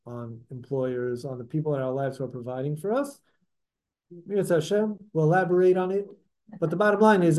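Mellow-voiced man teaching a Torah class. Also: a little high. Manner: conversational, self-correcting, asks listeners questions. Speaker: religious teacher.

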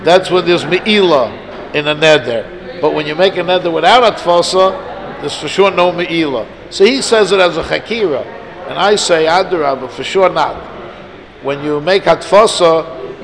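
High-voiced man teaching a lively Talmud class. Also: measured pace. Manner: animated, emphatic, argues points aloud. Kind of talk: Talmud lecture to students. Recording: noisy class of listeners.

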